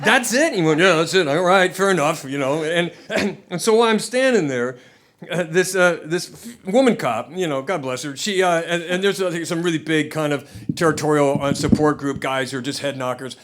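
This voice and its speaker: A man's voice: fairly high pitch, normal speed, fairly bright tone. An American man telling a profane stand-up story, acting out both sides of the dialogue on a comedy club stage. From United States. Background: audience laughter.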